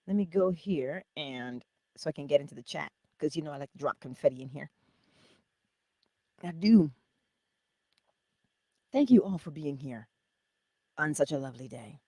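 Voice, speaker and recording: Woman host, inspirational livestream; slow, husky delivery with lots of pitch movement, playful and chatty, often drops to a whisper. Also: dark tone, no room sound. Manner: chatty, greets viewers by name.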